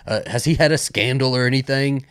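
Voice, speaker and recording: A man's voice: medium pitch, a little fast, clean tone, dry recording, clean studio sound. A man co-hosting a film podcast, rambling in casual chat with lots of fillers and restarts. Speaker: podcast co-host.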